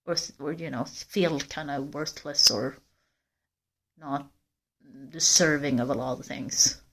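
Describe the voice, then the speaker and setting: A woman livestreamer walks through a forest, rambling candidly and talking straight to her viewers in casual chat. Her voice is low-pitched and fairly bright, and she speaks slowly.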